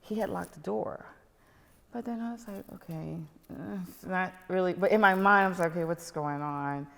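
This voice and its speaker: A middle-aged woman telling a personal story as a podcast guest, animated and dropping to whispers at tense moments. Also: on the low side, normal speed, vocal fry, long reverb tail.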